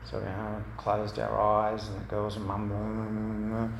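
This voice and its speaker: A man's voice: lowish voice, monotone, slow, gravelly, slight background noise. A man giving an earnest church talk to parents, telling stories and piling up examples in long lists. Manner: earnest, storytelling, repetitive lists. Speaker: speaker at a parents' meeting. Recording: roomy hall with faint ambience.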